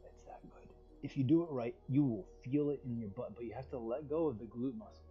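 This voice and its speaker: Calm man guiding a yoga stretch. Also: medium pitch, highs cut off, soft background music. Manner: calm, soothing, drawn-out cues with sighs of relief. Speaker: yoga teacher. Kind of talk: guided yoga instruction. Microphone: livestream.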